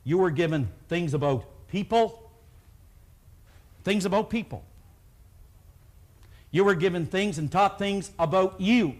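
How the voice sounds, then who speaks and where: A man with a notably high voice speaks to a live room as a motivational seminar speaker. He tells stories and has the audience repeat words back to him. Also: normal speed, pauses often. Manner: storytelling, leads the audience in call-and-response.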